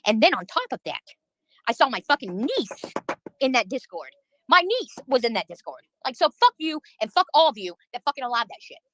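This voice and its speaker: A woman's voice: sits high, very animated, fairly quick, a bit bright, dry recording, poor audio. A woman livestreaming, venting in a heated, profane rant while answering her chat.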